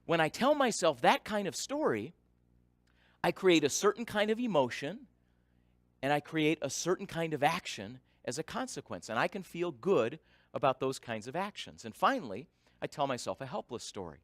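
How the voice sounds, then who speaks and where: A middle-aged man giving a storytelling talk, listing points in rhythm and swinging from soft to loud for drama. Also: on the high side, very animated, moderate pace, no echo. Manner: dramatic, varies loudness, lists in rhythm.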